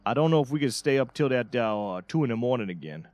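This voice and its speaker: A man's voice: medium pitch, animated, fast talker, darkish tone, no echo. Drawling, folksy man on a dry mic. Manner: drawling, folksy, exclaims "Oh, Lord". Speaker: streamer playing as a Louisiana bayou character. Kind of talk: casual gaming stream banter with put-on Cajun drawl.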